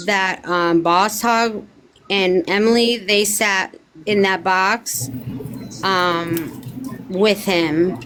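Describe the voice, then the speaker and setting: A woman guest on a livestream, speaking from a distance in hurried, trailing asides. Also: mid-range voice, fairly even intonation, noisy background. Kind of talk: casual chat.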